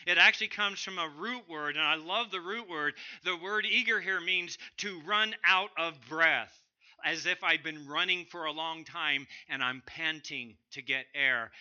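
Impassioned pastor with a bright voice. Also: male voice, fairly high pitch, dull audio. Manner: impassioned, swings between loud emphatic bursts and quiet drops. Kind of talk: sermon.

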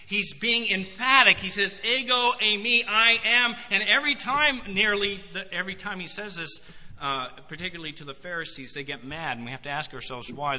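A man preaching a sermon, emphatic, swinging between loud proclamations and quiet asides. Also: sits high. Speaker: pastor. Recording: long hall reverb.

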